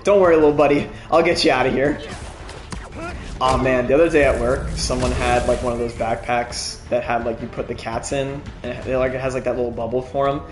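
A young man streaming a video game, chatting casually, swearing often and laughing as he reacts loudly to the action. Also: mid-range voice, little pitch movement, brisk, noisy background. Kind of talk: casual gameplay commentary. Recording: echoey room with game music.

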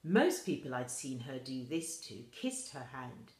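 Slow, low-voiced woman reading a story aloud. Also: sing-song. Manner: slow, soft reading with quoted voices lifted higher. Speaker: reader of a children's novel. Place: school room. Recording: echoey room.

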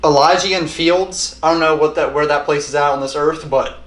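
A man's voice: a little high, steady tone, moderate pace, a bit bright. A young man reviewing an album in a casual, rambling monologue, swearing a lot and repeating himself. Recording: roomy echo.

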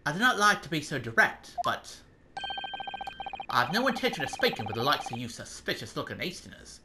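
A man putting on a gruff Scottish prison governor. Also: fairly high pitch, sing-song, fairly quick, background noise. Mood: hostile. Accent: attempted Scottish. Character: gruff middle-aged male Scottish prison governor, hostile and suspicious. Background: game music.

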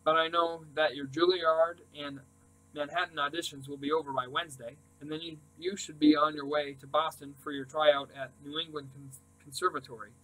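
A man voicing a cocky teenage boy who talks in a calm, matter-of-fact way. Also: fairly high pitch, normal speed, rough recording.

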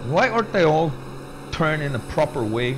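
His fairly high voice moves through big pitch swings at a moderate pace as he plays on stream, laid-back, reading chat aloud and dropping "man" and "bro" everywhere. Game engine noise hums behind him.

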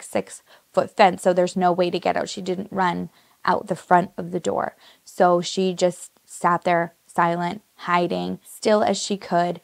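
Gravelly low-voiced woman telling a crime story. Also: no echo. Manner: conversational, many "like" and "just" fillers. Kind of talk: casual true crime narration.

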